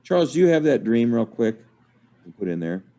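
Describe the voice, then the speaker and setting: A man's voice: mid-range voice, very animated, moderate pace, dark tone, slight background noise. A man leading a small online discussion group, talking casually with many fillers and restarts over a video call. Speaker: study group leader.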